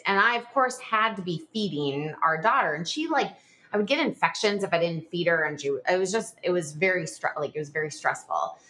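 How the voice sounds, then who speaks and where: A woman in her forties, a guest on a podcast, tells her story in a loose, chatty way. Her pitch swings up and down a lot, and she fills her phrases with "like" and small nervous laughs. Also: pushed and bright. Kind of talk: personal storytelling in a podcast interview.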